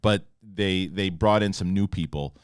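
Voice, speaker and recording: A man's voice: low-pitched, a little slow, smooth, no room sound, clean studio sound. A middle-aged man hosting a casual podcast chat, loose and joking, often rambling and restarting. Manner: loose, joking, prone to goofy sing-song bits. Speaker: podcast host.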